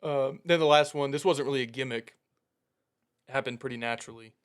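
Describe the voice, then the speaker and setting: A young man casually telling a story as a podcast co-host, animated and laughing through the punchlines as he acts out his coaches' lines. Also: mid-range voice, brisk, smooth.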